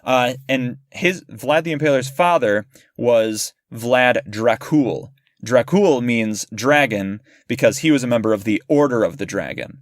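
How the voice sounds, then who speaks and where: A man co-hosting a casual film-discussion podcast, his voice sitting at an ordinary pitch. He talks at length, restarts his sentences and piles up explanations. The sound is dry and close. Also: expressive, a little slow, no room sound. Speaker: podcast co-host.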